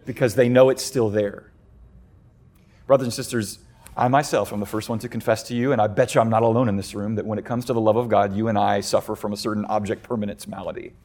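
Speaking fast, this pastor delivers a lively sermon in which he voices quotations in loud, high-pitched bursts, then goes soft and quiet for the key points.

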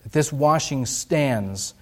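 A male pastor preaching a sermon, rising for stress and dropping low and soft. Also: expressive, slow.

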